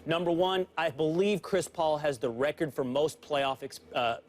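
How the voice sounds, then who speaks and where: A man's voice: on the high side, steady tone, moderate pace. A man on a sports talk show making an emphatic, point-by-point argument as a panelist. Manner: emphatic, builds points by numbered lists.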